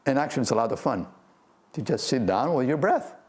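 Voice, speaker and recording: An older man who is a physics professor leads a gentle, playful guided talk on breath meditation, laughing often. His medium-pitched voice is animated and brisk, delivered as a video talk to a remote audience.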